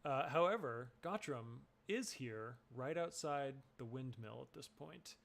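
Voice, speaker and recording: Gravelly-voiced man playing a tabletop game. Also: mid-range voice, lively intonation, measured pace, fairly bright tone. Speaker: player. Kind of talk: tabletop role-play chat.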